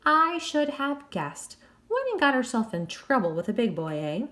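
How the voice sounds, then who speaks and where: A woman's voice: on the high side, very animated, normal speed, sharp tone, pitched above the performer's own voice. A woman voicing a cocky young English man locked in a jail cell, boastful and swaggering.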